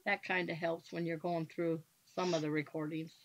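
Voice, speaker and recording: A woman's voice: sits low, flat delivery, moderate pace. A woman on a radio show explaining her ghost-hunting methods in a matter-of-fact, casual way. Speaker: paranormal investigator guest.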